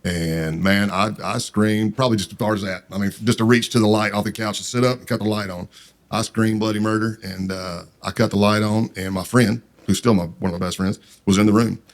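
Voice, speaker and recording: Man, very low voice, quick rambling storytelling, lots of fillers. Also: steady tone. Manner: fast, rambling, with many fillers and restarts. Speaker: podcast guest. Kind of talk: casual storytelling.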